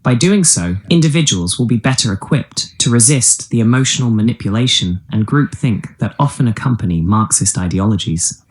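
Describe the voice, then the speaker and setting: A man's voice: medium pitch, moderate pace, close to an everyday voice. Polite male AI chatbot voice, read out by a man's voice. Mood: explaining. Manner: even, polished, lecturing delivery. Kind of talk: text-to-speech answer played aloud.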